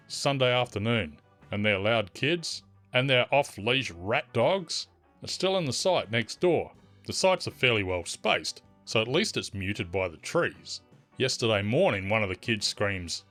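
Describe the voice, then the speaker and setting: A man's voice: mid-range voice, a bit bright. A man reading out an online forum story in scripted narration, with wry, teasing asides. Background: faint music.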